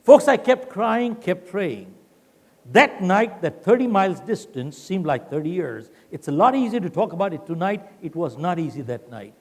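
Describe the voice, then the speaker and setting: The older Indian man's high voice is sing-song, moving at normal speed. As keynote speaker, he gives a motivational speech with a story and acted-out quotes. Long reverb from the large conference hall is audible.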